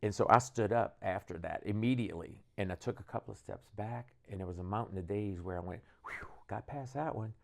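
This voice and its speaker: Man, lowish voice, animated storyteller, casual testimony, mimics quoted voices. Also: fast talker, vocal fry, hardly any pauses. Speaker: guest, band leader.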